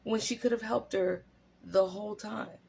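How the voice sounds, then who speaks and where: A host delivering an animated, profane storytelling commentary, full of rhetorical questions. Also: mid-range voice, moderate pace, gravelly, breathy edge. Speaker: channel host.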